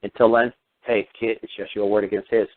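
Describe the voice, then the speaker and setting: A man's voice: on the low side, flat delivery, brisk. A man hosting a radio show, ranting heatedly and firing off sarcastic rhetorical questions with some swearing. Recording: tinny phone-line radio audio.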